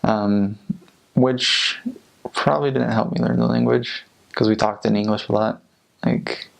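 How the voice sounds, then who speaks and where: A young American man, a returned missionary, talking casually in an interview in a relaxed, rambling way with lots of filler words. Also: medium pitch, unhurried, creaky. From United States.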